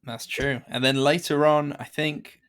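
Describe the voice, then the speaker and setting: A man co-hosting a film podcast, relaxed and self-mocking as he tells stories. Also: fairly high pitch, measured pace, clean tone. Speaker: podcast co-host. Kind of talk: casual chat.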